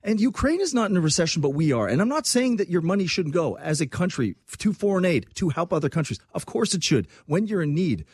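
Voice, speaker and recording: A man from Quebec giving casual political commentary on his own program, animated and sarcastic. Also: high-pitched, husky. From Quebec, Canada. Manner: animated, sarcastic, quick asides.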